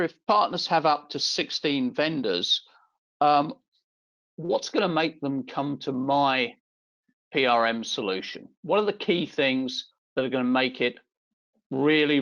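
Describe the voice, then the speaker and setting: A man's voice: medium pitch, measured pace, fairly bright tone, lo-fi sound. A man moderating a webinar, reading out audience questions with a few hesitant ums.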